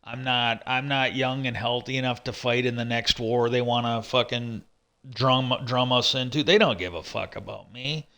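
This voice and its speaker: A man's voice: medium pitch, fairly even intonation, moderate pace, pushed and bright. A middle-aged man hosting a livestream, rambling in casual chat and swearing freely as he retells what he heard. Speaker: livestream host.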